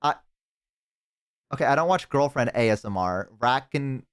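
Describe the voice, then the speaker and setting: A man's voice: mid-range voice, lively intonation, normal speed, clean tone. Guy streamer just chatting, jokey and rambly, kinda crude, average voice. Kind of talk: casual stream chat.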